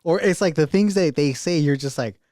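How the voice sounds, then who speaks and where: Podcast dude retelling funny scenes, animated, dry close mic. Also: male voice, fairly high pitch, fairly quick, no room sound. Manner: animated, laughs and acts out lines while retelling scenes. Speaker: podcast co-host. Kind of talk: casual chat.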